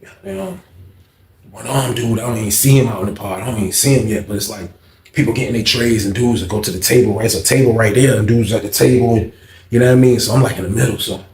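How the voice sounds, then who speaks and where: A man telling a casual, profane jail story in an animated way, acting out what people said. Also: fairly low pitch, fast. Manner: animated, profane, acts out quotes loudly. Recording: echoey room.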